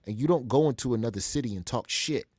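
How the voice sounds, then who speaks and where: A man's voice: medium pitch, quick pace, a little mellow, husky, no echo, studio quality. A male comedian from Alabama telling a story vividly as a guest in an interview.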